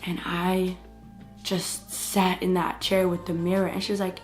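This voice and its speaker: A woman's voice: fairly low pitch, a little slow, faint music behind. A young woman vlogging a casual story time, retelling events expressively and acting out what others said. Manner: expressive storytelling that acts out other people's lines.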